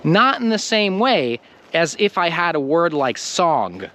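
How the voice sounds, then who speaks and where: A man with an American accent teaching English pronunciation, speaking slowly and emphatically and stressing the ends of words. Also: on the high side. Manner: slow, emphatic, lively delivery with stressed word endings. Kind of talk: scripted lesson to camera.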